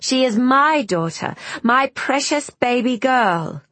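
A possessive young queen from a fairy tale, as the narrator puts her on, her voice soft and husky with a lilting earnestness. She speaks slowly and dryly, close to the mic. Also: lowish voice, no echo. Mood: pleading.

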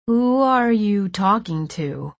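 A woman's voice: medium pitch, lively intonation, slow. A woman voicing a confused teenage boy in an audiobook, asking bewildered questions. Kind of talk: audiobook character voice.

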